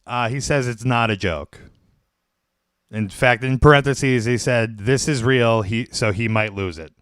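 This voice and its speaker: A man hosting a prank call show, delivering bad news in a deadpan, hesitant way. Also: medium pitch, a little slow, smooth, no echo, studio quality. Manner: deadpan and hesitant, many fillers.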